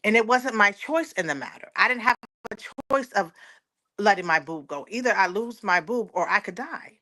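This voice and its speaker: A woman's voice: mid-range voice, animated, moderate pace, bright, forceful tone. A woman, a guest giving an earnest personal testimony and often quoting others aloud. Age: 40s. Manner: earnest, repeats words, quotes others aloud.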